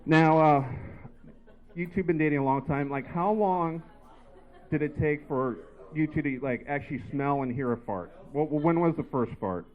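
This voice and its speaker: Male stand-up comic, slightly high voice, rambling filler-heavy delivery, tinny lo-fi live sound. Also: normal speed. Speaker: stand-up comedian. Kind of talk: stand-up set. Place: comedy bar stage. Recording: tinny phone-like live recording.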